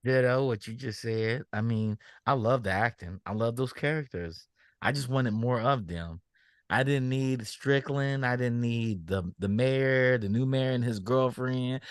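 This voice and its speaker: A man's voice: medium pitch, unhurried, clean tone, no echo, studio quality. A man co-hosting a podcast, talking bluntly and expressively and swearing casually. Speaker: podcast co-host. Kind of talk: casual chat.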